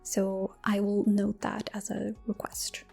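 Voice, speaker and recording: A young woman answering questions in a soft-spoken ASMR Q&A, close to the mic, slipping into whispers. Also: mid-range voice, completely flat delivery, gravelly, slightly rough, faint music behind. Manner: slow, intimate, drifting into whispers with soft laughs. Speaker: ASMR creator.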